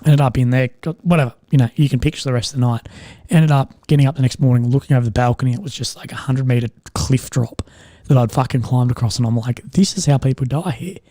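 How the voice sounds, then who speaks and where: This young Australian live streamer tells loose, easygoing stories, swearing constantly and padding pauses with likes and ums. He talks fast in a warm, steady, medium-pitched voice with no echo.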